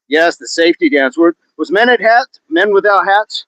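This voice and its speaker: Joking man, slightly high voice. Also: animated, moderate pace, few pauses, a bit bright, no echo. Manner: joking, chatty, laughs often. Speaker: fitness livestream host. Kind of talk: casual livestream chat reading viewer comments. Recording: dull, dry, lo-fi sound.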